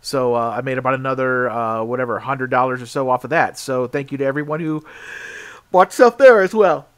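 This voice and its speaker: A man's voice: mid-range voice, little pitch movement, fast talker, a bit bright, clear, resonant tone. A man co-hosting a casual podcast, chatty and rambling, sleepy and yawning. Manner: rambling, chatty, filler-heavy. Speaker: podcast co-host.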